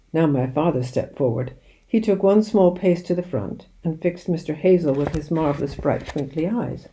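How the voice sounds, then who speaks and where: A woman reading a children's book aloud in an expressive storytelling manner. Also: deep voice, moderate pace, vocal fry. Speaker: reader.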